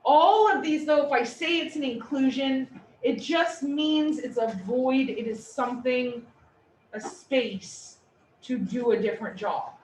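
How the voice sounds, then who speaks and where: Woman instructor, high voice, playful lecture style, echoey room recorded from a distance. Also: unhurried. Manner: animated, playful explanations. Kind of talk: classroom lecture. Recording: echoey room, distant mic, faint noise.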